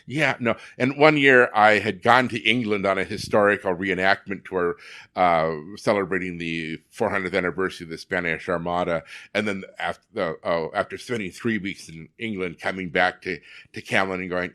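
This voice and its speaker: Older man, deep voice, digressive storyteller guest. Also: moderate pace, sharp tone. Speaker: guest, fair performer. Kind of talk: casual interview chat.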